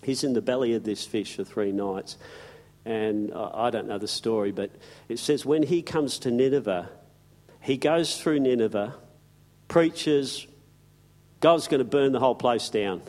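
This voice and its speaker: A man's voice: medium pitch, a little slow, darkish tone. A man preaching a sermon, telling the story in a folksy, emphatic way with slang and asides.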